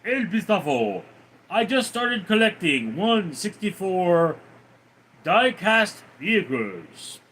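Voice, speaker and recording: This livestream host has a high, sing-song voice with a fairly bright tone and talks slowly over a little hiss or hum. He reads viewers' comments aloud and responds with crude, teasing banter.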